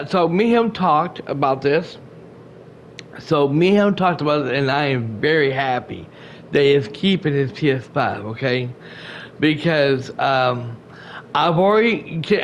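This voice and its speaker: Rambling man with a drawl. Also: fairly high pitch. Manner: rambling, repeats and restarts often, retells conversations. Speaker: gaming channel host. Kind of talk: casual vlog update to viewers. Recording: dull lo-fi home recording with faint noise.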